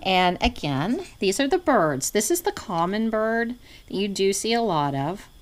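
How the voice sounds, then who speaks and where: A middle-aged woman reselling vintage goods, chatting casually to her viewers and often dropping into an excited hushed near-whisper. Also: mid-range voice, measured pace. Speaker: vintage reseller showing inventory. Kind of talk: casual vlog chat.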